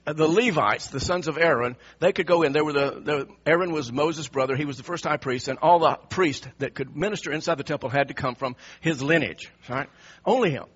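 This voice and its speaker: A man's voice: on the high side, fairly quick, a bit bright, slightly rough, muffled recording. A man preaching a sermon in an emphatic way, often repeating and restarting his phrases.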